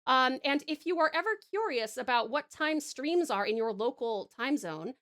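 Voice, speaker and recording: A woman's voice: sits high, animated, normal speed, fairly bright tone. A woman streamer from Australia with an Australian accent, chatting with viewers in a casual way, laughing often and trailing off mid-thought. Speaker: streamer and voice actor. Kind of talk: casual chat reading viewer messages.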